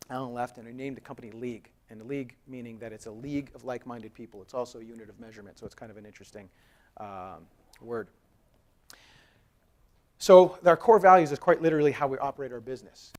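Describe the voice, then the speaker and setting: A man in his thirties from Canada giving a conversational, storytelling keynote talk at a conference as a company co-founder. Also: mid-range voice. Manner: lively, conversational, acts out dialogue with raised voice. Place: conference hall.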